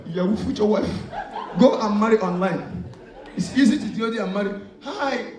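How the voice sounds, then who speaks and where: A man preaching a lively call-and-response sermon, asking the crowd to fill in words and acting out little scenes as his voice swings from loud to soft. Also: high-pitched, a little fast. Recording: echoey hall, far from the mic.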